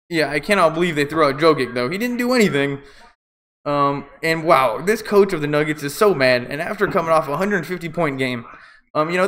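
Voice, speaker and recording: A man's voice: a little high, a bit bright. A man doing casual live play-by-play commentary, rambling and opinionated with jokey asides.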